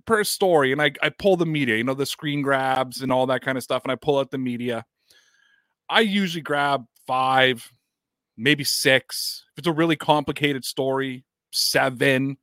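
A man hosts a sports podcast, chatting casually and animatedly about football news, reading quotes and statements aloud and posing rhetorical questions. His voice is medium-pitched at a moderate pace, in a dry, studio-quality recording.

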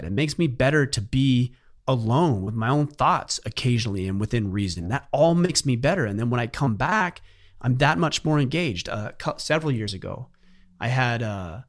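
A middle-aged man hosting a podcast, telling personal stories in an earnest, heartfelt way in casual conversation. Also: medium pitch. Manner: earnest storytelling, emotional at times. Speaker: podcast host.

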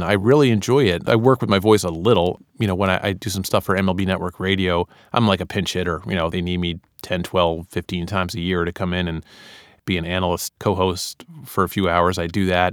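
A man's voice: sits low, no echo, studio quality. A man, an author and part-time radio analyst, talking casually and loosely about recording his audiobook, with plenty of "you know" fillers.

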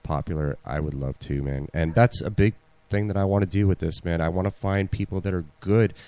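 A man's voice: sits low, brisk, dark tone, clean tone, dry recording. A man hosting a casual podcast chat, rambling with many fillers and restarts. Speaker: podcast host.

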